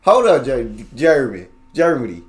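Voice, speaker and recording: A man's voice: medium pitch, big pitch swings, moderate pace. A man from the United States hosting a reaction video, talking in a slangy, playful, teasing way and repeating words back. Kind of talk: casual reaction commentary.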